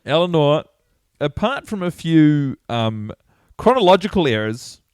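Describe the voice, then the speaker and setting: A man co-hosting a podcast in casual chat, deadpan, reading listener letters aloud. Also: fairly high pitch, unhurried, clear, resonant tone, dry recording, clean studio sound. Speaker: podcast co-host.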